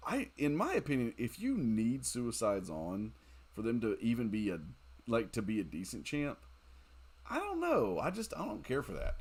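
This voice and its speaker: A man's voice: medium pitch, wildly swooping pitch, normal speed, breathy edge. A man streaming a mobile game late at night, chatting casually, reading viewer comments aloud, joking and laughing often. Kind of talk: casual live-stream chat while playing.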